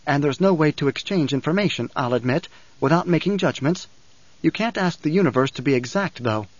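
A man voicing a calm, philosophical young man who speaks in measured riddles in an audiobook. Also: on the high side, no echo, lo-fi sound.

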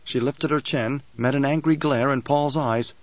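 With no room sound in a dry, slightly dull recording, a man reads a novel aloud as an audiobook narrator. He keeps his scripted storytelling even and measured, at a medium pitch.

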